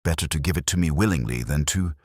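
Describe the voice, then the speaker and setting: A man voicing a tall, menacing foreign murderer who speaks in a low voice with a thick accent. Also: quick pace, darkish tone, no room sound, clean studio sound. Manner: menacing, insistent.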